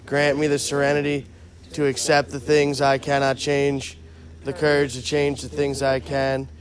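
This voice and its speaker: A man closing a recovery meeting and leading a group prayer in a gentle, measured way. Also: medium pitch, monotone. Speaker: meeting chair.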